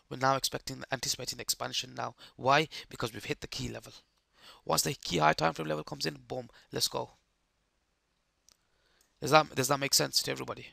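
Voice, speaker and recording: A man with a hoarse, croaky voice giving live trading commentary, explaining chart steps and checking that the viewers follow. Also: mid-range voice, bright, forceful tone, no echo, studio quality. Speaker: trading streamer.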